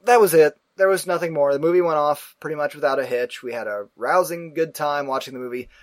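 A man hosting a casual talk show, telling a story in a profane, animated way and acting out the people in it. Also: a little high, quick pace, no echo. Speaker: podcast host.

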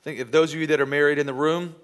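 A man preaching a sermon in church as pastor, animated and playful, acting out little scenes. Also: a little high, rapid-fire.

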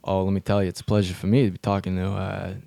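Low-voiced male host, rambling sports-radio comedy, dry close sound. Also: flat delivery, fast talker, creaky, dark tone, dry recording. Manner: rambling, full of fillers. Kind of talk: comedic radio show banter.

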